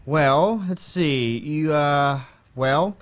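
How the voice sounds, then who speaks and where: A man's voice: fairly high pitch, drawn-out words, smooth. A man playing a bored teenage boy ghost in a comedy sketch, sarcastic and exasperated, stumbling over his words with ums and restarts. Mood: deadpan bored. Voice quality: hesitant, full of ums and restarts. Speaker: interview guest in a comedy sketch. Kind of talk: comedic improvised interview.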